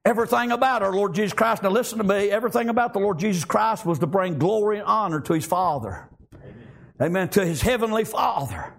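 An older man preaching a fervent sermon, halting with many fillers and constant "amen" and "praise God". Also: high voice, animated, vocal fry.

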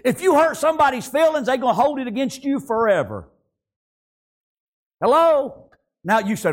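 Fervent male preacher, very high voice, lively swooping delivery, peppers every line with amen, bursts into shouts. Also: normal speed, pauses often. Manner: fervent, constantly punctuating with amen and praise God; swings between low murmurs and shouted emphasis. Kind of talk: sermon.

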